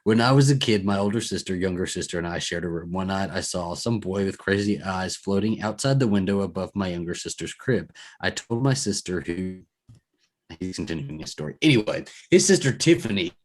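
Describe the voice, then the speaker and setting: A man's voice: low voice, animated, brisk. A man hosting a podcast in casual chat, reading listener stories aloud and rambling with fillers and self-corrections. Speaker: podcast host.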